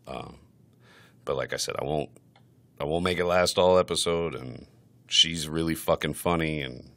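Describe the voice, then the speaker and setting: Very deep gravelly man, brash and profane. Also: normal speed, sharp tone. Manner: profane, brash, mock-aggressive. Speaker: podcast host. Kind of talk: crude casual chat.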